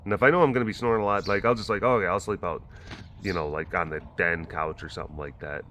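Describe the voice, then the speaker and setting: A man's voice: low voice, fairly even intonation, rapid-fire, fairly bright tone, slight background noise. A man hosting his own vlog from an animal facility, telling stories in a rambling, chatty way full of fillers. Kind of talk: casual chat.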